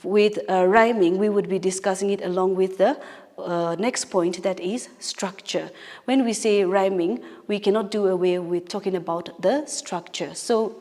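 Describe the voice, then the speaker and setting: A woman's voice: medium pitch, steady tone, moderate pace, warm tone. A woman teaching an English poetry lesson, explaining patiently step by step with fillers and small self-corrections. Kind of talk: recorded classroom lesson. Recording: long hall reverb.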